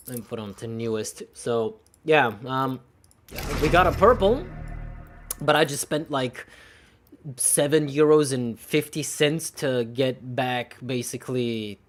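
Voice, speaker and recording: Dry, sarcastic young male streamer. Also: medium pitch. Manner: dry, sarcastic, rambling, with frequent laughs. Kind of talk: casual livestream commentary while opening game cases.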